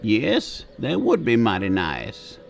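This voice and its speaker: An actor playing an old frontier father who cannot read, speaking in a slow, folksy drawl. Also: on the low side, huge pitch swings, gravelly, heavily acted. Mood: puzzled. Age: older. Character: old illiterate frontier father, gruff and cautious. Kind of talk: audio drama acting.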